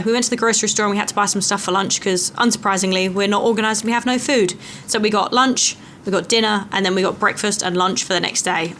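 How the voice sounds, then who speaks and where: A woman's voice: medium pitch, fairly bright tone, slight background noise. A young woman vlogging a hiking trip, chatting casually and poking fun at herself. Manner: chatty, self-mocking. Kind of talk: casual travel vlog chat and voice-over.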